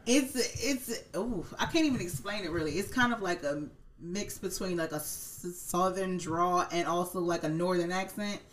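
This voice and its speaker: A woman's voice: lowish voice, normal speed, hardly any pauses. A woman with a Baltimore accent, co-hosting a podcast in a chatty, playful way. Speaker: podcast co-host. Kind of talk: casual podcast chat.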